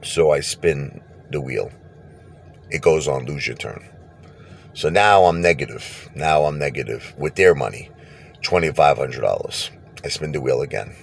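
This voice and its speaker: A man telling a personal story casually, animated, laughing and acting out what people said. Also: extremely low pitch, measured pace, gravelly. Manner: animated, laughs and acts out quotes.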